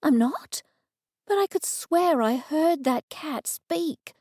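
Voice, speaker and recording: A woman's voice: sits high, lively intonation, slow pace, a little mellow, no echo, clean studio sound, pitched above the performer's own voice. A woman voicing a sixty-year-old heroine who sputters and shrieks in agitation. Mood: panicked.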